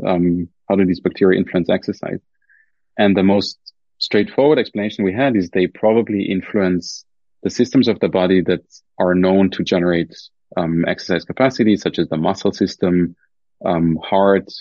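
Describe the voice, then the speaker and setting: A man's voice: low-pitched, a little mellow, husky, no echo, dull audio. A man with a German accent explaining research carefully as a podcast guest, with many fillers and restarts. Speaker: guest scientist. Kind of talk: podcast interview.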